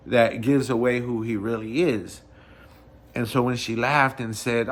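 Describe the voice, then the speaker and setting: A man from Mexico tells a story on his vlog in a loose, conversational way. He gets lively and animated as the story builds, and he restarts phrases as he thinks out loud. His voice sits at an ordinary middle pitch. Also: normal speed. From Michoacán, Mexico. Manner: animated, conversational, self-correcting. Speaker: vlogger. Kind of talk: casual storytelling.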